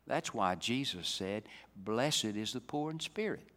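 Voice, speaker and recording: A man preaching a sermon, swinging from loud, emphatic climaxes down to soft, low passages. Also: expressive, a little slow. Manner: dynamic, rising to loud emphatic peaks then dropping soft. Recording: reverberant hall.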